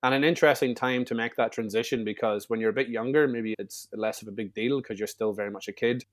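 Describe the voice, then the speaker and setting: A man's voice: medium pitch, steady tone, fast. A man, telling stories as a guest in a casual interview, chatty and full of restarts. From Northern Ireland. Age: 30s.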